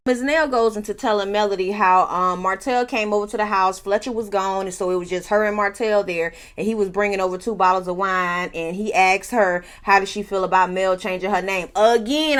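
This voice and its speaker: A woman recaps a reality show in a sassy, animated way. She laughs often and speaks straight to her viewers. Her voice sits at an ordinary middle pitch. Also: moderate pace. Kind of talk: casual recap commentary.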